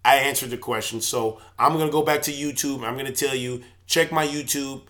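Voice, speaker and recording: A church elder speaking in an emotional, preaching personal video monologue. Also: male voice, medium pitch, fairly even intonation, brisk. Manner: impassioned, preaching tone, swings from loud to subdued.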